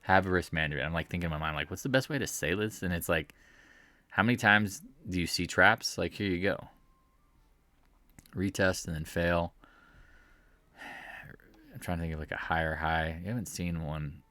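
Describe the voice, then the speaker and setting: A man's voice: low voice, moderate pace, pauses often, sharp tone, no echo. A man giving a casual, rambling, jokey commentary while reviewing stock charts at home. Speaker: market commentator.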